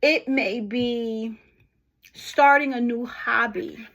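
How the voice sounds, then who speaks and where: A woman's voice: a little high, fairly even intonation, fairly bright tone. A middle-aged woman talking casually and unhurriedly to her viewers, asking them questions as she encourages them. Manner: unhurried, conversational, asks the listener questions. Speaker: vlogger. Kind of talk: casual motivational talk to camera.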